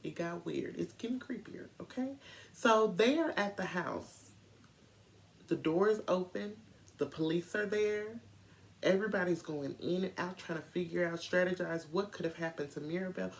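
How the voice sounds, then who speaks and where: A woman telling a true crime story in a casual, animated way, speaking straight to her viewers. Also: lowish voice, moderate pace, creaky.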